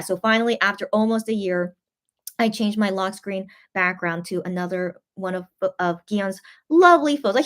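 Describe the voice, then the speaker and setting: A woman hosting a casual livestream, chatting in a rambling, gushing way and reading viewer comments aloud. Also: medium pitch. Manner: gushing and easily moved. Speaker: host.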